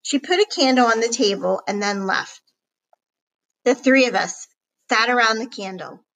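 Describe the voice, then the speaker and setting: A woman reading a children's chapter book aloud in a slow, clear storytelling way. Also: fairly high pitch, fairly bright tone, low-quality recording. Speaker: audiobook reader.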